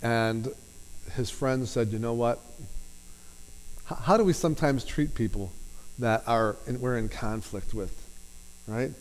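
A man's voice: medium pitch, a little slow, pauses often, long reverb tail, poor audio. A man preaching a sermon in a conversational way, asking his listeners rhetorical questions. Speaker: pastor.

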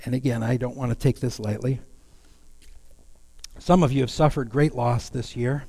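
A man's voice: medium pitch, steady tone, normal speed, dark tone, long reverb tail. A man preaching a sermon in a folksy, self-deprecating way, with light humor. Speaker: pastor.

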